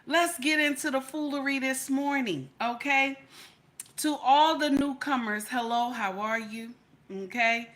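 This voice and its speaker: Middle-aged woman, bright and high-ish, easy livestream-host banter full of "okay?" and "baby.". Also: measured pace. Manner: chatty, greets viewers by name, repeats "okay?" and "baby". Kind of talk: casual live chat.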